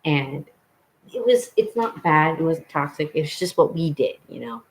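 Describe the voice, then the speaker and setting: A man's voice: fairly high pitch, animated, unhurried, slight background noise, rough recording. Young man rambling through a personal story. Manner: rambling, with many fillers and self-corrections. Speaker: vlogger.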